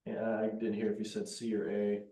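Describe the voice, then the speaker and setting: Low-voiced male student, roomy and distant. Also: completely flat delivery, brisk, dark tone. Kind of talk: answering in class. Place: classroom.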